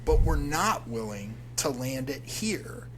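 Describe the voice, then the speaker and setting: A man's voice: medium pitch, sing-song, slow pace, heavy background noise. A man co-hosting a movie podcast, chatting casually and giving enthusiastic, opinionated takes. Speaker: podcast co-host.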